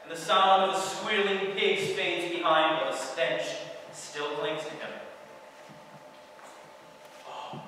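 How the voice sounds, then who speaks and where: A male pastor with a fairly high voice delivers a sermon as dramatic storytelling, turning often to speak straight to his listeners. His voice rings through a large, echoey church hall with a long reverb, picked up from far off the mic, with faint room ambience behind. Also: steady tone, slow pace, pauses often, pushed and bright, a little hiss or hum.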